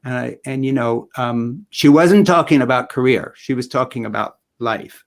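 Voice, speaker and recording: Older guy author being interviewed, earnest, halting, keeps searching for words. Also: mid-range voice, vocal fry. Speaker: author guest. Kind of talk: reflective interview talk. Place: live online stream.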